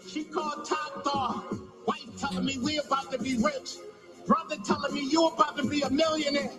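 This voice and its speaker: A man's voice: extremely high pitch, flat delivery, normal speed. An actor playing a distraught paralyzed man in an ad. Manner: distraught, rising to shouting. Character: paralyzed young man in an injury-lawyer ad. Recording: roomy ad clip with music.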